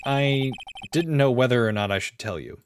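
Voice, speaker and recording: A streamer voicing a composed, haunted young male prosecutor in a measured, grave way, with game music behind. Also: mid-range voice, noisy background, close to an everyday voice.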